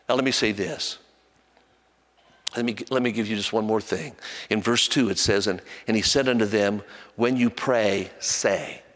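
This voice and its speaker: Older male pastor preaching in a hall. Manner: storytelling, animated, voice jumps high when acting out a child. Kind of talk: sermon.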